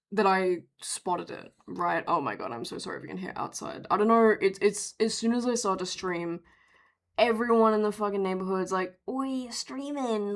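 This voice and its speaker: Animated young Australian woman streamer. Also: mid-range voice. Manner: animated storytelling with frequent swearing and restarts. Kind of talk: casual chat to a live stream audience.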